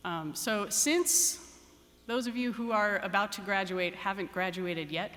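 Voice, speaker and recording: A woman's voice: medium pitch, fairly bright tone. A woman professor giving a ceremony address, telling an anecdote with fillers and restarts, then leading a guided meditation. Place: large hall at a ceremony. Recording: echoey hall.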